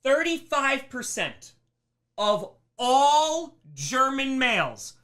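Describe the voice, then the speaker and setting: Bright-voiced young man teaching history. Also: very high voice, drawn-out words. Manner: animated, acts out mock quotes, rhetorical questions. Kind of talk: energetic classroom lecture. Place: streaming room.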